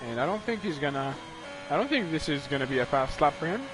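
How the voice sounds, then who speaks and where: A man commentating a racing league live, excitable and chatty. His voice sits fairly high and swings widely as he rambles and trips over his words. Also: fast talker, music in the background.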